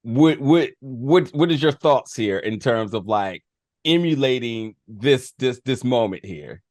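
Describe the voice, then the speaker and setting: A man's voice: mid-range voice, expressive, measured pace, a little mellow, no room sound. Dry-sounding man, rambling interview host. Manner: rambling questions, laughs often, says "folks". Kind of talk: casual interview chat.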